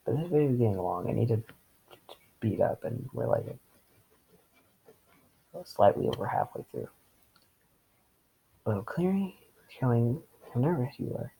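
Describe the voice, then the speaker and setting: Gravelly man reading with sarcastic asides. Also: medium pitch, very animated, normal speed, pauses often, warm tone, poor audio. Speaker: reader. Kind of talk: reading fan fiction with commentary.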